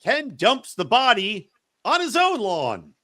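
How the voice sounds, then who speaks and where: Animated sarcastic man, bright voice. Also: high voice, slow. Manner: sarcastic, animated, mimics characters in mocking voices. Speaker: podcast co-host. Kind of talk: casual podcast chat.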